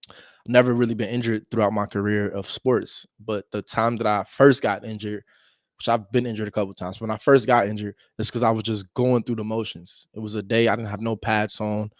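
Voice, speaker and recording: Fast-talking man on cold calls. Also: lowish voice, no room sound. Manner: fast talker who makes a point of pausing on calls. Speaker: real estate wholesaler. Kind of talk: casual vlog chat between cold calls. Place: at home with his dog nearby.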